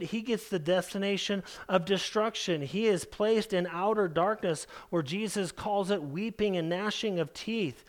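A man delivers a sermon in a notably high-pitched voice. He preaches with emphasis, stacking rhetorical questions and repeating phrases for weight. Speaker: pastor.

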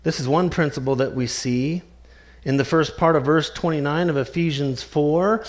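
A male pastor preaching a sermon with a slightly higher-than-usual voice. He is earnest and emphatic, drawing out the words he wants to land. His delivery is steady and pastoral. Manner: earnest, emphatic, slows right down to stress key words.

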